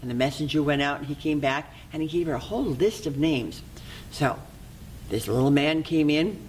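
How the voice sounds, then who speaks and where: Casting: lively oral storyteller for a folk tale, mid-range voice. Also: medium pitch, normal speed, slight background noise, rough recording. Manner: lively, expressive, repetitive folk-tale phrasing.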